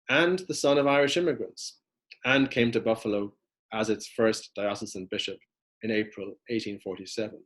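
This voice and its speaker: A man giving a prepared lecture, reading steadily from notes as he walks through maps. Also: medium pitch. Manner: measured, reads from notes with map references.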